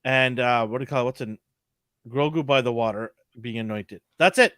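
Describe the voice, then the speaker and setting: An older man hosting a casual pop culture chat, animated and laughing often. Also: medium pitch, a little fast, no echo, clean studio sound. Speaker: podcast host.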